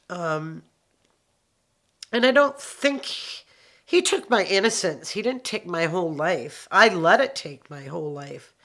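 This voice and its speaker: Slow, gravelly middle-aged woman, halting. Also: lowish voice, sing-song, pushed and bright. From Canada. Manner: halting and reflective, many pauses and ums. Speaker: abuse survivor telling her story. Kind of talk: personal testimony.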